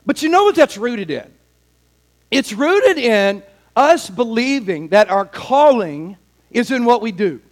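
A man in his forties preaching a sermon, animated and shouting at the peaks of his personal stories. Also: extremely high pitch, a little slow. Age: 40s. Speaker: pastor.

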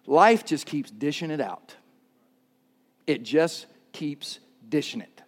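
A middle-aged man preaching a sermon, telling stories with lively energy and bursts of shouting. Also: fairly high pitch, takes it slowly. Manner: animated storytelling, shouts during anecdotes. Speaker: pastor.

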